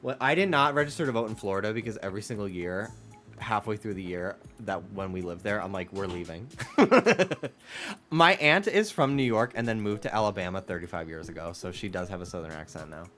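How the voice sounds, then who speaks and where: A man's voice: fairly low pitch, fast talker, faint music behind. A man streaming a game who chats casually and rants with plenty of swearing. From United States. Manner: ranting, profane, animated. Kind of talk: casual chat while gaming.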